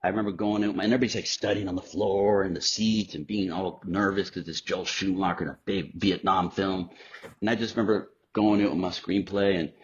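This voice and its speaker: A middle-aged man, a guest actor, telling animated, profane stories in a casual interview. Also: low voice, fairly quick, slight background noise. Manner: animated, profane storyteller acting out quotes. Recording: dull lo-fi podcast audio.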